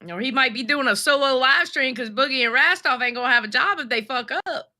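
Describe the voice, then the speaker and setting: Blunt woman with a bright, sharp voice. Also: high-pitched, fairly quick, no room sound. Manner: blunt, slangy, protests loudly. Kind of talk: casual live stream chat.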